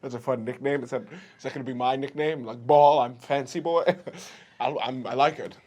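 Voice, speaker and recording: A man's voice: mid-range voice, fairly even intonation, normal speed, darkish tone. A man playing a haughty, stammering rich boy. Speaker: player. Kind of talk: in-character tabletop play.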